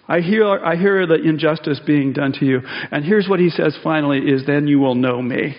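A man delivers a sermon in a casual, talky manner, circling back on his phrases before climbing higher and louder to press a point home. His voice sits a touch high for a man. The sound is slightly dull and carries a long church reverb. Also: normal speed, hardly any pauses. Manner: conversational, self-interrupting, rises emphatically on key points. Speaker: pastor. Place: church sanctuary.

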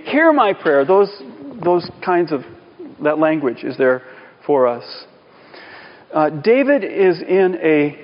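A man preaching a sermon in a relaxed, conversational way, with asides and questions to the congregation. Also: on the high side. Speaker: pastor. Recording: dull sound with long hall reverb.

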